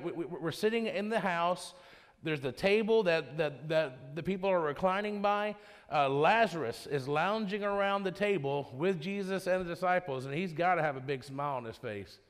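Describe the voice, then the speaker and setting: Guy doing a casual bible study talk, kinda high voice, lots of restarts, big church echo. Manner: conversational, repeats and restarts often. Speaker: worship pastor leading Bible study. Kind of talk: informal Bible study sermon. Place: church sanctuary.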